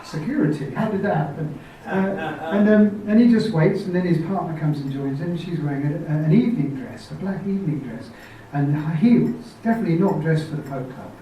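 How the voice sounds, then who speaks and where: A man's voice: on the high side, brisk, hardly any pauses, mellow, a little hiss or hum. A middle-aged man chatting to an audience between songs, telling a funny story with chuckles along the way. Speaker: folk singer on stage. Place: small club venue in front of an audience. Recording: echoey live room recording from a distance, guitar in the mix.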